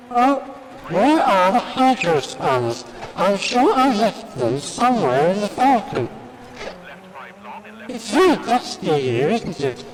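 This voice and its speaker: A man's voice: sits high, big-room sound, voice pushed up, full character voice, poor audio. A man doing C-3PO, a fussy prim droid. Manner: fussy, prissy, complaining. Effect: robot voice filter.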